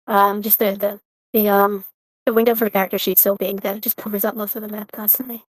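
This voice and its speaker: A woman's voice: medium pitch, level tone, fast talker, no room sound. A woman playing in an online tabletop game, talking through her turn with a lot of hesitation. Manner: hesitant, lots of fillers. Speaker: player. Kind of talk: casual chat on a call.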